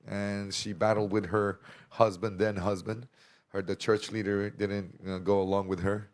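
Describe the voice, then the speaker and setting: A middle-aged man giving a personal testimony at a church service, hesitant and halting, with a self-deprecating manner. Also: on the low side, vocal fry. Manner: hesitant, halting, with many pauses and filler sounds; self-deprecating, chuckles between stories.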